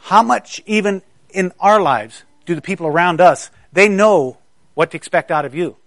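A middle-aged man from South Carolina preaching a sermon in a higher-pitched voice. He tells stories in a casual, conversational way with stammering restarts. The sound is dry and close. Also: moderate pace, a bit bright, no room sound.

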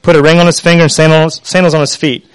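A man's voice: fairly high pitch, flat delivery, quick pace, clear, resonant tone, no room sound, voice pushed up, close to an everyday voice. A man voicing a joyful, forgiving father giving urgent orders to his servants in a scripture reading. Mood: jubilant. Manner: urgent, jubilant.

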